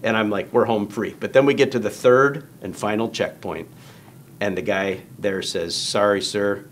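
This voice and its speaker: A man's voice: on the low side, fairly even intonation, moderate pace, slight background noise. A man telling a long story in casual conversation, acting out quoted lines in raised voices. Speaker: guest storyteller.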